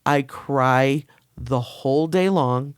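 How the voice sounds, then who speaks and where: A woman speaks frankly as a podcast guest in a casual chat, her voice smooth and resonant. She laughs often and sometimes rattles off her words in quick bursts. The sound is close and dry, with no room echo. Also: very deep voice. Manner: candid, laughing, fast bursts.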